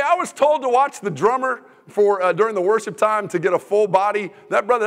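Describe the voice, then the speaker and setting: A man preaching a humorous sermon as a guest preacher in a church sanctuary, teasing the room in an energetic, joking way. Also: sits high, vocal fry, long reverb tail.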